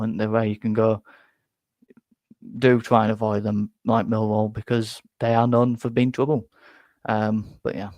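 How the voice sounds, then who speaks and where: Young man, football fan live-stream chat, rambling and stumbling over words, middle pitch, dry close sound. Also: darkish tone, no echo. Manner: rambling, self-interrupting, repeats words. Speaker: fan channel host. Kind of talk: casual live-stream chat reading viewer comments.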